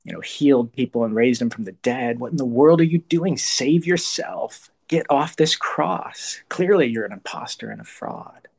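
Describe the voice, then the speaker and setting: A man's voice: medium pitch, expressive, brisk, vocal fry, few pauses, darkish tone. A man voicing a mocking onlooker in a crowd, taunting in a raised, scornful voice. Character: jeering male crowd mocker.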